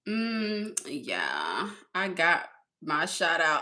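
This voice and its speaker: A woman's voice: sits low, huge pitch swings, slow, pushed and bright. A woman streaming live, chatting casually and rambling while she reads the chat and talks to her viewers. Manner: rambling, reading chat aloud, laughing often; talks to the audience as y'all.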